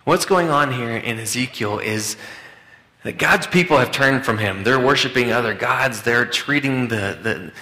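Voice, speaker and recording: Male pastor, conversational sermon, bright voice, roomy church sound. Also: medium pitch, a little slow. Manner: conversational, hesitant, with many restarts. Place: church hall. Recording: echoey church room.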